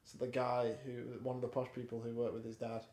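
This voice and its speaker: Mellow-voiced man, echoey room. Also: medium pitch, monotone, a little fast. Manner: rambling, hesitant, many ums. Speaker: podcast co-host. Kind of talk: casual film review chat. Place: home flat. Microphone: camera in a room.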